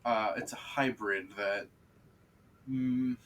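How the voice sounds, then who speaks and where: A man's voice: lowish voice, steady tone, slow, a bit bright, a little hiss or hum. A man voicing an awkward young male wizard who is bookish, socially clumsy and stammers with hesitation. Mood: explaining. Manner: hesitant, stammering, full of fillers.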